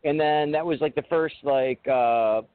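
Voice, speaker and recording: A man's voice: on the high side, measured pace, clear, resonant tone, no room sound. Profane rambling man on a tinny line. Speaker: podcast co-host. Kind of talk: casual chat. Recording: tinny phone-like audio with faint noise.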